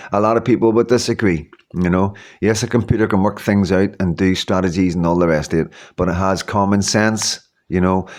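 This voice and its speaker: A man in his fifties giving a rambling, earnest motivational talk to his viewers, full of repeats and "you know what I mean". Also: on the low side. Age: 50s. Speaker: YouTuber.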